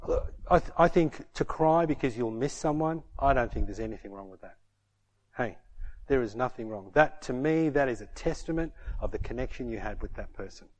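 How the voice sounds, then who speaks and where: A man's voice: mid-range voice, animated, a little fast, a little mellow. A middle-aged man preaching a sermon, emphatic and punctuating his points with "hey". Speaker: pastor.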